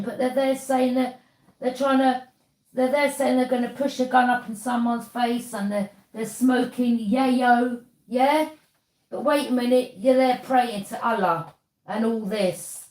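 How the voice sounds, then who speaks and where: Woman, higher voice, echoey room; confrontational tarot reader calling someone out direct to camera. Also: darkish tone. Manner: accusing, repeats "yeah?" as a challenge.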